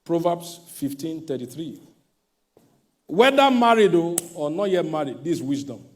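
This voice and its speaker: A middle-aged man preaches a sermon in a high, lively voice that leaps all over its range. He breaks into sudden shouts, then drops low, and mockingly imitates the proud people he warns against. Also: moderate pace. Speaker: pastor.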